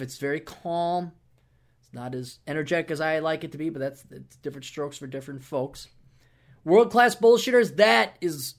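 A man hosting his own podcast, giving shout-outs and opinionated commentary in a rambling, casual way. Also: mid-range voice. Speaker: podcast host.

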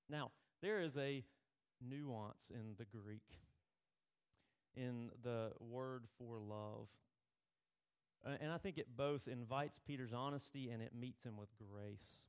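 Guy pastor giving a sermon, kinda gravelly voice, chatty, tells stories from his own life. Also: mid-range voice. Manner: conversational preaching with personal stories.

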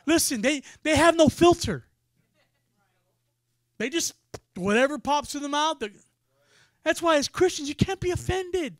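High-pitched guy preaching, tells stories animated, dry close sound. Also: unhurried, vocal fry, pauses often, no echo. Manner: animated storyteller, acts out quoted voices. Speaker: pastor. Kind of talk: sermon storytelling.

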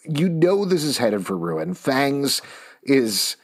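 A man co-hosting a podcast, giving an animated, opinionated recap of a TV episode with sarcastic asides. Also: mid-range voice, slow pace. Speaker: podcast co-host. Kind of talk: casual TV recap chat.

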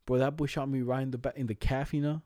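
Man, young adult, casual chat, slangy profane storytelling, warm dark tone. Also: mid-range voice, steady tone, fast talker, no echo, clean studio sound.

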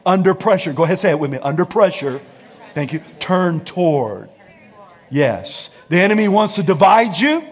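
A man preaching a sermon, leading the congregation in call-and-response and swinging from hushed to shouted lines. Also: high-pitched, animated, moderate pace, husky. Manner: sings and hums snatches of a song. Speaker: pastor.

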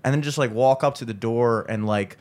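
A man's voice: medium pitch, brisk, a little mellow. Young guy on a podcast, chill, swears a bunch, laughs at his own stories, middle voice. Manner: laid-back storyteller, swears, laughs a lot. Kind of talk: casual podcast chat.

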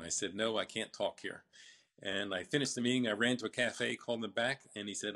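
An older man recounting his business story in a casual interview, halting with fillers and restarts. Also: fairly low pitch, gravelly, pushed and bright.

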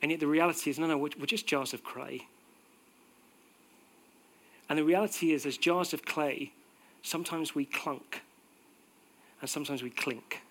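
A man preaching a sermon in a conversational, animated way, acting out little quotes as he goes. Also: on the high side, moderate pace, pauses often, slight background noise.

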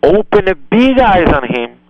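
A man hosts a radio advice segment, slowly and earnestly explaining how to handle a child, with emphatic repetition and slightly non-native phrasing. His voice sits a little high for a man. The sound is dry and muffled, like a lo-fi radio broadcast. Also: very animated, no echo. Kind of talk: call-in advice talk.

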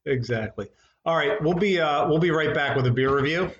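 A man's voice: on the high side, expressive, fairly quick, lo-fi sound. A man hosting a casual podcast, laughing easily and moving the talk to the next segment. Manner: laughs often, leads segments. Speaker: podcast host. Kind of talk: casual chat. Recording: echoey room.

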